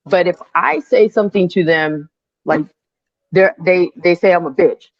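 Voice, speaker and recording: A woman in her fifties, a construction superintendent, telling animated stories in casual chat and dropping in Spanish phrases, on earbuds over a remote call. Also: fairly low pitch, measured pace, dry recording, highs cut off.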